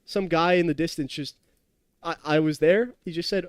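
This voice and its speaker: A man's voice: a little high, normal speed, clean tone, no room sound, studio quality. A young man streaming a game, chatting loosely and telling stories to his chat while tipsy. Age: young adult. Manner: rambling, laughing, storytelling, reading chat. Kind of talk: casual live-stream chat while gaming.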